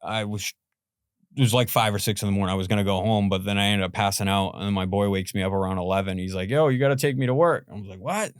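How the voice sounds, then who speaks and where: A man's voice: deep voice, little pitch movement, fast talker, clear, resonant tone, no echo, clean studio sound. A man in his forties from Boston, a podcast guest telling a story in a rambling, casual way, full of "like" and "you know" and the odd swear word. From Boston, USA.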